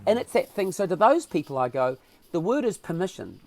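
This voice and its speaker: A man with a New Zealand accent speaks in a high, brisk voice as a podcast guest. He tells a story animatedly, acting out the dialogue with lively swings in his voice.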